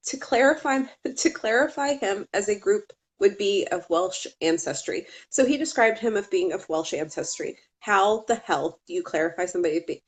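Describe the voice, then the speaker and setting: A woman's voice: mid-range voice, expressive, normal speed, hardly any pauses. A woman co-hosting a casual true-crime chat, talkative, with laughing asides and swearing. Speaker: podcast co-host.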